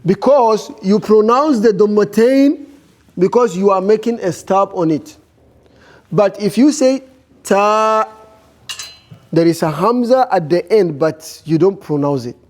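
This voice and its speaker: A man teaching a beginners' class, talking slowly and firing repeated questions at his students. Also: high-pitched, lively intonation, a little mellow. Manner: slow, repetitive, questioning students. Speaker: Arabic teacher.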